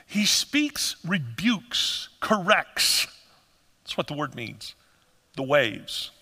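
A man preaching a sermon to his congregation in an animated way, acting out the voices of people in the story. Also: on the high side, extremely slow. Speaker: pastor. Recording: long hall reverb.

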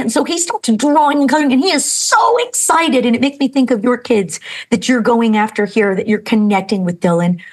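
Husky-voiced earnest woman host. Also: a little high, poor audio. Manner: earnest, emphatic, slows for emphasis. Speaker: podcast host. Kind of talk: storytelling and inspirational talk.

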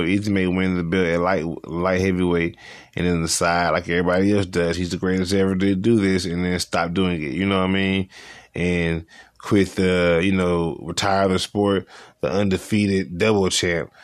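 Young male podcast host, low voice, slangy and repetitive, dry close mic. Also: no echo. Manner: loose, slangy, repeats himself. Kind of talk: casual solo podcast chat about fights.

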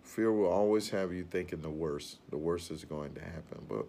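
A man's voice: low-pitched, normal speed, creaky, dark tone, a little hiss or hum. A man giving an earnest, rambling motivational talk about facing fear, often repeating his phrases.

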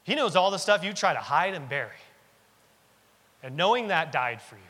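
Man in his thirties, pastor preaching, bright forceful delivery, long church-hall reverb. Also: a little high, very animated, normal speed, breathy edge. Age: 30s. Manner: earnest, emphatic preaching with repetition. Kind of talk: sermon. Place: church sanctuary.

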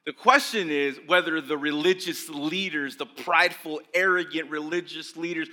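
A young adult man preaching a sermon as pastor, casual and conversational, with lots of "like" and quick asides to the congregation. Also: a little high. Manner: conversational, animated, acts out voices of religious leaders.

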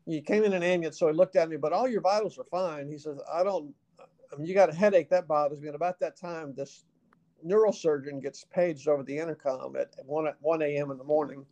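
A middle-aged Southern man with a slightly high voice talks a little fast as an interview guest. He tells a personal story in a folksy, animated way, acting out the quoted dialogue.

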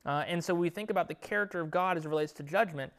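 Talking rapid-fire in a fairly high voice, a young man runs an informal Bible teaching session with a group in a classroom. He keeps it lively and conversational, now and then lowering to a whisper.

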